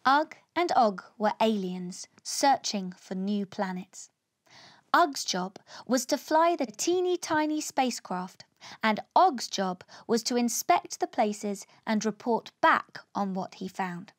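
A woman reading a children's picture book aloud in an expressive, animated way. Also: on the high side, slow pace, dry recording, studio quality. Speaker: storybook reader. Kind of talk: children's storybook read-aloud.

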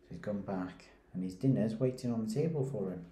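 A man, a primary school teacher reading a picture book aloud and stopping to ask his pupils gentle questions. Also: on the low side, slight background noise. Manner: gentle, questioning, reads slowly and pauses to ask. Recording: roomy echoey recording.

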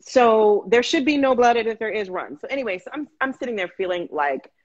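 A woman guest telling her story in casual, animated chat, with frequent restarts, over a video call. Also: on the high side, fairly quick, muffled recording. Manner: animated, restarts, acts out quotes.

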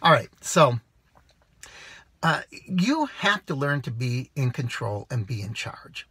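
Husky, animated man giving advice. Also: medium pitch, slow pace, no room sound. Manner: earnest, preachy, animated, with rhetorical questions. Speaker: rideshare driver vlogger. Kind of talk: casual advice monologue to camera. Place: outdoors.

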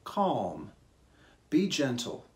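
A man voicing a calm, gentle Jesus in a children's Bible story, speaking quietly and soothingly. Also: mid-range voice, very slow, exaggerated voice.

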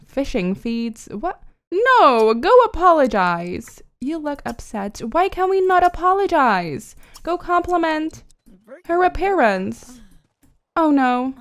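Gaming commentator: woman, high voice, unhurried, chatty and giggly, faint game music behind. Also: expressive. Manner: chatty, giggly, talks to her characters. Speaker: gaming YouTuber. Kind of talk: casual let's-play commentary.

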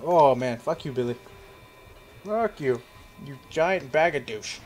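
A man giving joking, profane commentary while playing a horror game, yelping and shouting whenever something chases him. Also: medium pitch, expressive, measured pace, a little hiss or hum. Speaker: let's play host. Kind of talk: casual horror gameplay commentary.

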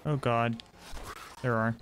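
A man's voice: medium pitch, fairly even intonation, takes it slowly, fairly bright tone, clean tone, no echo. A man giving let's play commentary on a horror game, talking to himself, jumpy and wry as he explores. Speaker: gaming channel host.

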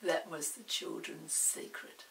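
An older woman reading a children's book aloud, expressive and animated. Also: slow pace, distant mic, a little hiss or hum, low-quality recording. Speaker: storyteller.

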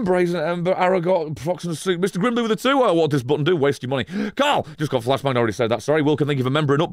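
A man's voice: on the high side, no room sound, studio quality. A man casually chatting on a live stream, rambling and swearing, laughing often as he reads chat.

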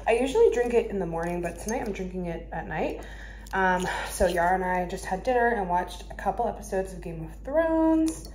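A young woman talking straight to her camera in a loose, chatty vlog style, peppering her sentences with likes and ums. Her voice sits in an ordinary middle pitch, and she drifts into soft cooing baby talk when addressing her dog. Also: expressive, a little fast, a little hiss or hum, low-quality recording. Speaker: lifestyle vlogger. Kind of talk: casual vlog chat.

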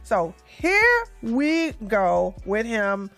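A woman giving casual, animated reaction commentary as a news vlogger, chatty and often laughing. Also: fairly high pitch, extremely slow, faint music behind.

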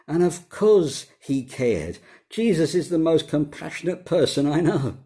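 A middle-aged man gives a relaxed devotional talk as a pastor, his voice mellow and dark in tone. He speaks conversationally, with frequent fillers and small restarts. He keeps a fairly steady, unhurried pace. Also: on the high side.

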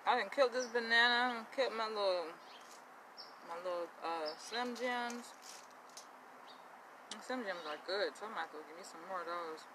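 A woman's voice: medium pitch, moderate pace, pauses often, noisy background. A young woman ranting bluntly and profanely to her viewers outdoors while eating. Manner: blunt, profane, animated, addresses viewers directly. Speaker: vlogger. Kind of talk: blunt casual rant.

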